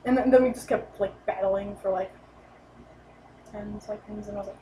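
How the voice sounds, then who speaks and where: A woman's voice: mid-range voice, normal speed. A young woman vlogger telling a story in a casual, rambling way, full of "like" and "and then". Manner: rambling, excited, lots of "like" and "and then". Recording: echoey room, light noise.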